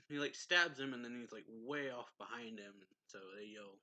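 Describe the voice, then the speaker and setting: Male reviewer, bright and forward tone, loose rambling recap full of fillers, mid pitch. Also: moderate pace, low-quality recording. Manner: rambling, filler-heavy retelling with self-corrections. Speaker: manga reviewer. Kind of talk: casual chapter recap.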